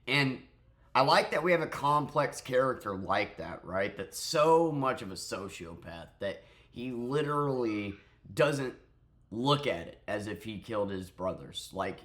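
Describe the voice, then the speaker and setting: A man's voice: medium pitch, expressive, measured pace, fairly bright tone. A tired man who just woke up, giving a rambling, profane spoken review of a TV show and often restarting his sentences.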